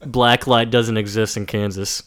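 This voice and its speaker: A man's voice: lowish voice, little pitch movement, measured pace, a bit bright. A young man co-hosting a casual rewatch podcast, recapping scenes with crude jokes. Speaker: podcast co-host.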